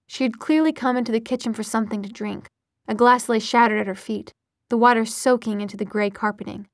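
Woman reading an audiobook, steady expressive voice, dry close studio sound. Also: on the high side, fairly quick, no room sound. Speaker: narrator. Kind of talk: audiobook narration.

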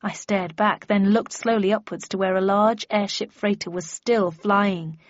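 In a steady, mid-range voice at a measured pace, a woman narrates a first-person novel for an audiobook with a dry, wry touch. The lo-fi recording is dull and dry, with no room sound.

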